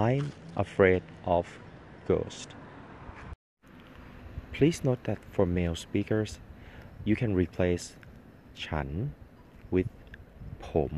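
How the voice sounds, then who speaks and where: A man hosting a language lesson, speaking clearly and patiently and repeating words slowly. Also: deep voice, expressive, darkish tone, slight background noise. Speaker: language teacher.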